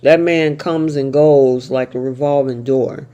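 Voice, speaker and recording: A woman's voice: a bass voice, steady tone, measured pace, mellow, muffled recording. A woman hosting a casual soap opera recap chat, talking playfully and laughing often. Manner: chatty and laughing, with playful asides.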